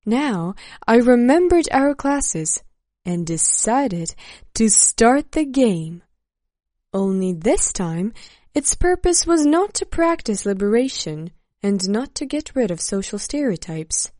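A woman slowly narrating a first-person memoir in a measured storytelling manner. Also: a little high, big pitch swings, warm tone, no room sound, studio quality.

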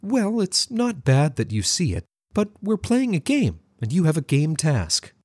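A man's voice: a little high, wildly swooping pitch, unhurried, a little mellow, slightly rough, no room sound, clean studio sound, voice pushed up, heavily acted. A reader voicing a firm, encouraging woman tutor who gives commands and coaches her students. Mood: coaching.

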